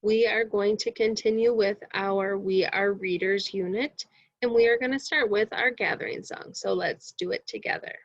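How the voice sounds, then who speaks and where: A woman's voice: medium pitch, moderate pace, dry recording, dull audio. A woman teacher giving a reading lesson to young children in an encouraging tone, often asking them questions.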